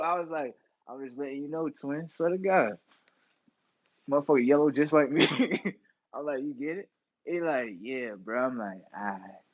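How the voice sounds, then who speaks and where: A young man, hosting a casual livestream monologue, animated and full of slang, swinging between loud bursts and mumbles. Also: mid-range voice, normal speed, long pauses, no room sound, muffled recording. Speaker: livestream host.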